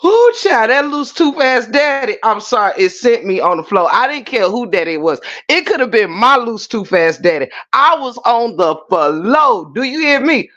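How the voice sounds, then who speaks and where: A woman hosting a channel, chatting casually and telling a story in a lively, vernacular way. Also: fairly high pitch, normal speed, few pauses, lo-fi sound. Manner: animated storytelling with Black American vernacular. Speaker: channel host. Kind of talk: casual reaction commentary.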